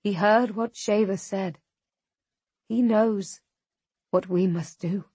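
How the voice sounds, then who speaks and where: A woman narrating a fantasy audiobook in the first person, measured and tense. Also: mid-range voice, fairly even intonation, mellow, slightly rough, no echo.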